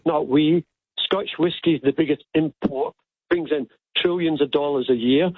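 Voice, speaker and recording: Glasgow scottish bloke calling talkback radio, blunt, bit husky, tinny phone line. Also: male voice, fairly high pitch, moderate pace, dry recording. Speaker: caller.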